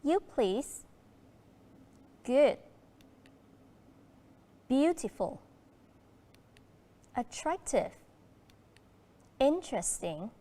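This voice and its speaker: A woman with a Vietnamese accent teaching a primary school English lesson, slow and encouraging, switching between English and Vietnamese. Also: high voice, sing-song, mellow. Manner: slow, encouraging classroom delivery.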